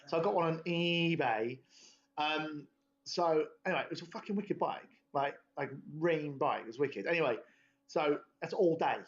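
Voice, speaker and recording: Sweary lad telling a story. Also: male voice, fairly high pitch, normal speed. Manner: rambling, sweary and laddish, laughing at his own story. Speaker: podcast host. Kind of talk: casual storytelling chat. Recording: dull lo-fi podcast audio.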